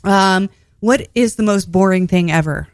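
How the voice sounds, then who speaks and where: A woman's voice: medium pitch, measured pace, dry recording, clean studio sound. A woman hosting a casual podcast, playful and giggly as she runs the games. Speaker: podcast host.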